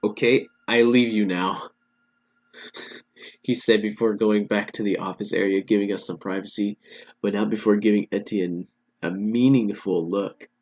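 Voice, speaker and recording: A man's voice: on the low side, steady tone, moderate pace, darkish tone. A man playing a text game, reading it aloud and talking back to the characters in jokes. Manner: joking, talks back to the characters. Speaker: let's play gamer.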